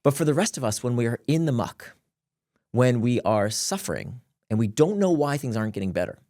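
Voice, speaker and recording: Animated man with a dry close sound. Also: mid-range voice, fairly quick, no echo. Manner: animated, laughs between points. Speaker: guest author. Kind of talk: conversational explaining.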